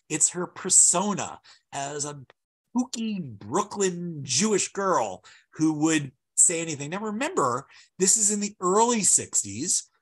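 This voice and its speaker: A man's voice: on the high side, fairly bright tone, breathy edge. A man giving an illustrated lecture over slides, talking in a discursive, emphatic way and stressing key words.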